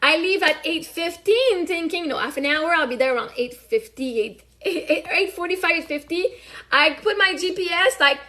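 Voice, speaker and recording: Hosting her own show, a mother talks casually and animatedly in a very high voice at a moderate pace. She swears freely and acts out her conversations as she tells her stories.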